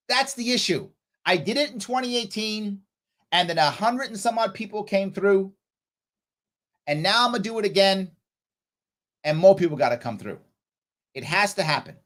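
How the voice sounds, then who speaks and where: Speaking in a high, slightly bright voice, this New Yorker runs a political livestream where he reads out chat messages and responds bluntly. At times he heatedly tells off a commenter.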